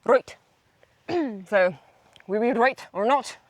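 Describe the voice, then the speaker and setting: A woman's voice: mid-range voice, moderate pace, no room sound. A woman chatting casually on her farm vlog, giggly and self-mocking as she talks to viewers. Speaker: farm vlogger. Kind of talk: casual chat.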